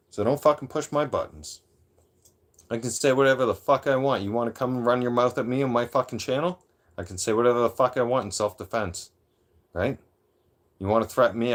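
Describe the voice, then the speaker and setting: A middle-aged man, ranting on his live stream. He talks rough and profane, throwing out threats. His voice sits at an ordinary mid pitch for a man. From Toronto, Canada.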